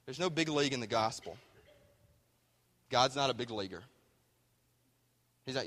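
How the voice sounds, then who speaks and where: A man's voice: mid-range voice, expressive, normal speed, pauses often, a bit bright. A man preaching a sermon in a folksy, conversational way. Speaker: pastor. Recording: hall reverb.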